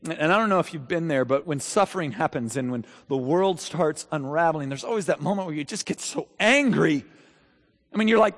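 A man preaching a sermon in a church, chatting with the crowd through rhetorical questions and building to loud shouted peaks. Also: fairly high pitch, animated, a little fast. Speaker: pastor. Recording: long reverb of a large hall.

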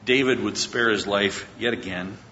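A man's voice: normal speed, bright, forceful tone. Male pastor, conversational sermon storyteller, long church-hall reverb, dull lo-fi sound. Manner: conversational Bible storytelling, acting out quotes. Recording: echoey lo-fi hall recording with faint rumble.

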